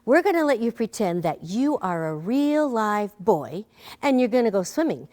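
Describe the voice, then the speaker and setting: A woman teaching a preschool lesson, talking gently to a bear puppet and young children. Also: mid-range voice, sing-song, moderate pace.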